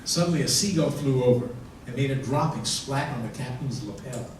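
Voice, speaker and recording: A man in his sixties, a rabbi doing stand-up comedy, telling jokes dryly with pauses before punchlines. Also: medium pitch. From United States. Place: large hall with audience. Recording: echoey hall from far off, room noise.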